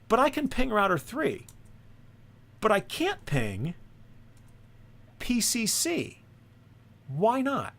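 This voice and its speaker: A man's voice: high-pitched, big pitch swings, measured pace, gravelly, fairly bright tone. A man teaching a screen-recorded networking lesson, thinking aloud and often checking in with "right?". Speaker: course instructor.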